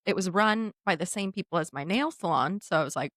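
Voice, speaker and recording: A woman co-hosting a podcast, telling a funny story in a casual, animated way and often laughing. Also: fairly low pitch, a little fast, no room sound, studio quality. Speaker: podcast co-host.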